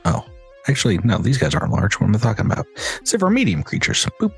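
A male game master narrates a tabletop session over a video call. His voice sits low but swings widely in pitch, and he laughs easily between rulings. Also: wildly swooping pitch, fast, gravelly, faint music behind.

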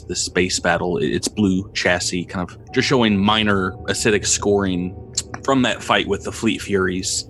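A man narrating a tabletop game as game master, describing scenes with frequent pauses and repeated words. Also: fairly low pitch, fairly bright tone. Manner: descriptive, halting with fillers and repeats.

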